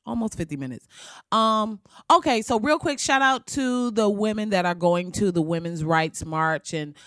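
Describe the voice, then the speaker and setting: A woman hosts a podcast and rants for laughs, swearing freely and laughing between lines. Her pitch leaps and dives all over. The sound is close and dry, with no room around it. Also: moderate pace, dry recording. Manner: laughs often, profane, animated, slips into impressions. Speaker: podcast host. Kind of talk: casual comedic podcast rant.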